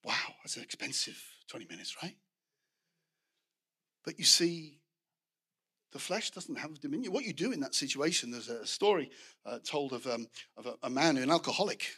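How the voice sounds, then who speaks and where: A man's voice: medium pitch, animated, normal speed, pauses often, pushed and bright, slightly rough. A middle-aged man preaching a sermon, telling anecdotes with restarts and asides to the congregation.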